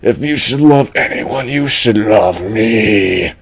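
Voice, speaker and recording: Man doing a slow, hammy scheming dragon for a homemade story. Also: on the low side, expressive, creaky, fairly bright tone, slightly rough, full character voice. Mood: theatrical. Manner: drawn-out, theatrical. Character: scheming dramatic male dragon.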